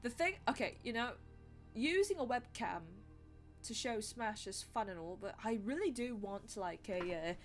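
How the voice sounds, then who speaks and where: A woman's voice: fairly high pitch, animated, unhurried, soft background music. A young woman streaming live, chatting casually in a rambling, self-deprecating way.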